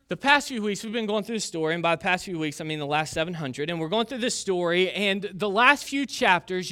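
A man's voice: sits high, pushed and bright. A man in his thirties, a pastor preaching a casual, conversational sermon full of personal stories and fillers. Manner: conversational, self-deprecating, with frequent fillers.

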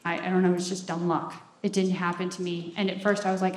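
A recovery program speaker talks frankly about recovery with self-mocking humor, often ending lines with "right?". Her lowish voice is flat and fast, and the recording has a roomy echo with faint ambience.

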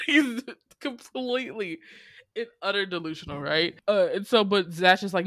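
Animated, laughing casual storyteller. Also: mid-range voice, measured pace, no room sound. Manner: animated storytelling, acts out quoted lines, laughs often. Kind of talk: casual movie recap.

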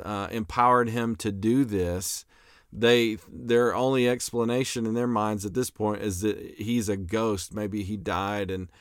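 Casting: young man, lowish voice, relaxed lecturer, lots of "uh" and restarts, dry close recording. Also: clear, resonant tone, no echo. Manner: conversational with frequent fillers and restarts, reads scripture aloud. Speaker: apologetics lecturer.

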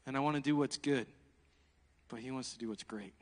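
A man preaching a sermon, animated and laughing, swinging between loud exclamations and hushed asides. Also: mid-range voice, a little fast, long reverb tail.

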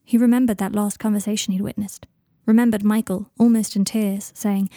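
Soft-spoken woman reading a story. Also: little pitch movement, a little fast, few pauses, dry recording, studio quality. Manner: soft, low-key, drops to whispers. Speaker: narrator. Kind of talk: audiobook reading of fan fiction.

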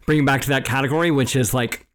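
A man co-hosting a casual film discussion, lively, acting out quoted dialogue and laughing often. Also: mid-range voice, quick pace. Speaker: film podcast co-host.

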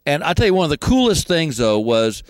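A male comedian, telling a comic story and chatting as an interview guest, animated and acting out the people in it. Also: on the high side, brisk, no room sound. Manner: animated, acts out voices, laughing through the story.

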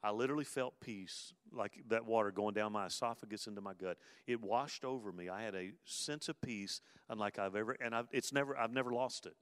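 A man preaching a sermon in an easy, conversational way, dropping to a hush in tender moments and rising to emphatic bursts. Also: lowish voice, fairly quick, hardly any pauses, clean tone, no room sound, studio quality, in a large hall. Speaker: pastor.

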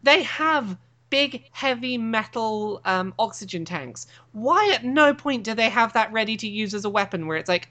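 A woman co-hosting a casual chat, giving measured, opinionated takes on films. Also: on the high side, expressive, fairly bright tone.

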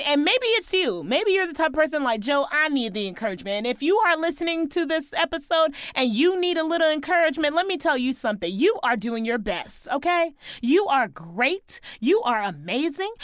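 A woman's voice: high-pitched, fairly bright tone, dry recording, studio quality. A woman hosting her own podcast, giving upbeat, preachy encouragement in a sing-song way. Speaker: podcast host. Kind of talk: upbeat motivational solo podcast.

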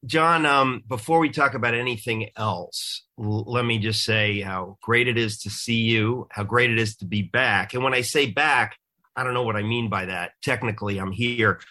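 A middle-aged man hosts a radio talk show, his voice bright and sharp-edged. He sounds congested, as if he has a cold. He rambles in a casual, jokey way and pokes fun at himself. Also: mid-range voice, moderate pace. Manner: jokey, rambling, self-deprecating. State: stuffed up, congested.

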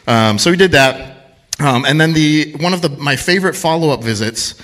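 A man's voice: on the high side, moderate pace, a bit bright. A man telling a self-mocking story on stage at a live storytelling event, laughing at his own mishaps.

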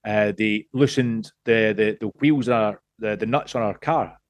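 Podcast guest, man, late 30s, from Scotland; lowish, dry, close-miked, rambling and sweary. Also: moderate pace, no room sound. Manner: rambling, swears freely, many restarts. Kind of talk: casual podcast chat.

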